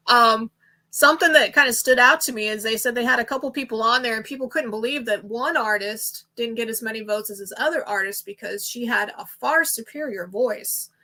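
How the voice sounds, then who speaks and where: A woman's voice: fairly high pitch, moderate pace, sharp tone. A woman hosting a podcast, asking rambling, chatty questions in a casual interview. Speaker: podcast host.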